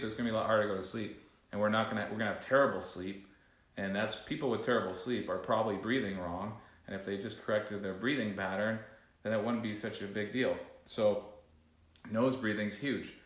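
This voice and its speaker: A man's voice: on the low side, fairly even intonation, fairly quick. A man leading a casual breathing class, rambling, restarting sentences and joking aside to a co-host. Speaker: breathing coach. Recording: echoey room.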